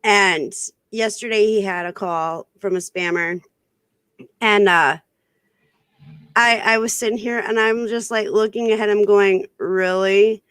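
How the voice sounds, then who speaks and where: A woman's voice: mid-range voice, fairly even intonation, unhurried, fairly bright tone, clean tone, no echo, clean studio sound. A woman guest in a casual livestream chat, telling stories and laughing easily. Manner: laughing, storytelling.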